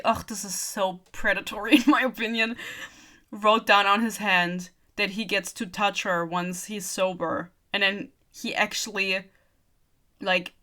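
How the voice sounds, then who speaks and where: A woman's voice: mid-range voice, sharp tone. A young woman ranting sarcastically through a book review, giggling and swearing as she goes.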